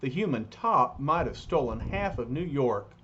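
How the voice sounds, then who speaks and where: A man voicing a gruff, impatient male giant hero in a comic-book story reading. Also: mid-range voice, animated, moderate pace, fairly bright tone, lo-fi sound, a little hiss or hum, lightly acted. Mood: brusque. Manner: brusque, commanding.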